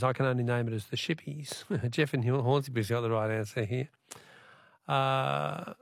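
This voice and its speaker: Aussie radio host guy, gravelly voice, chatty and laughy, dry studio sound. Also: mid-range voice, fairly bright tone, no echo. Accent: Australian. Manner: chatty, laughs often, rambling asides. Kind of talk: casual talkback radio chat.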